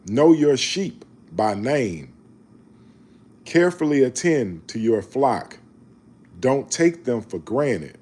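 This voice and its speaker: Husky-voiced man in his forties, lively pitch; reads scripture, then riffs emphatically. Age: 40s. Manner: slow measured reading, then animated, emphatic street-talk commentary. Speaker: online Bible reader and commentator. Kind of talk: scripture reading then casual preaching talk.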